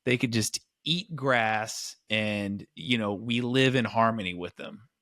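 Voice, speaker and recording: A man's voice: fairly low pitch, slow pace, pushed and bright, no echo, studio quality. A man co-hosting a podcast, talking casually and with enthusiasm, rambling with many restarts. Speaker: podcast co-host. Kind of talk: casual chat.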